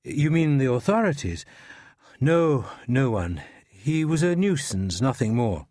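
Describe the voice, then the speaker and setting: A man's voice: mid-range voice, very animated, unhurried, a little mellow, no echo, clean studio sound. An actor playing an evasive older male academic from Scotland, defensive under police questioning.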